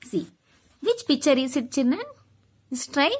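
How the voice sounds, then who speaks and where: A woman's voice: a little high, very animated, measured pace, breathy edge. A woman teaching a phonics lesson to children, sounding out letters one by one and quizzing them as she goes.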